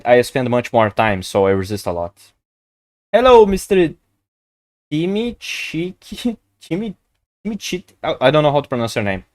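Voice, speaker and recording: A man chatting casually on a live chess stream, excitable and chatty, swearing and laughing often. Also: mid-range voice, no room sound. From Brazil.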